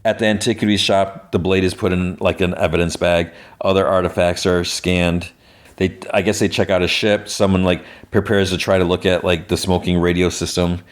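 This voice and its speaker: Deep-voiced podcast guy recapping a show, says "like" a ton, super casual. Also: level tone, normal speed. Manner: retells scenes with lots of "like" and "he's like". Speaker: podcast host.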